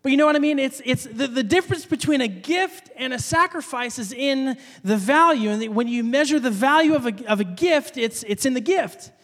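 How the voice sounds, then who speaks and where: A preacher with a very high voice and lively intonation delivers a casual, conversational sermon at a moderate pace, hardly pausing. His tone is fairly bright and the sound has a big-room quality, and he often repeats words and acts out the people in his story.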